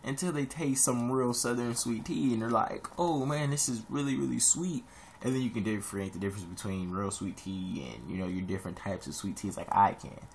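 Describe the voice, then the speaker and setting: A young man from Ohio talks to his camera in a low, gravelly voice. He rambles through casual advice, jumping suddenly up high for emphasis. A faint hiss sits under the home recording. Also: brisk, hardly any pauses. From Columbus, Ohio. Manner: rambling, animated, sudden high-pitched jumps. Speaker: vlogger giving advice.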